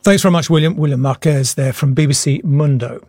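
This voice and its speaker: A male news presenter with a slightly higher voice leads the segment in a formal, measured way. His sound is dry and close. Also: darkish tone, no echo.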